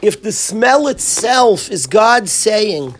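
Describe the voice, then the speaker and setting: A man's voice: high-pitched, very animated, slow pace, slight background noise. A man, a rabbi, giving a casual Torah class to students in a room, telling stories animatedly, acting out quotes and laughing often.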